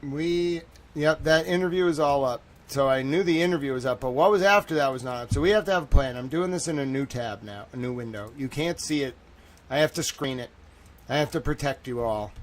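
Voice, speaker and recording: Swearing without restraint, this live reaction streamer talks a little fast and shifts from quiet mutters to loud outbursts.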